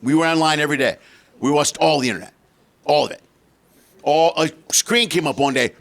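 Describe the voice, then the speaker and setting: A middle-aged man doing a high-energy stand-up comedy set on a theater stage, shouting punchlines and acting out other people. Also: a little fast, creaky, long pauses. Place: theater stage before a laughing audience.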